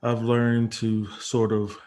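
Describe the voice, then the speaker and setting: Earnest man with a flat, level voice. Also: mid-range voice. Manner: earnest, measured, level delivery. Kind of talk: casual podcast chat.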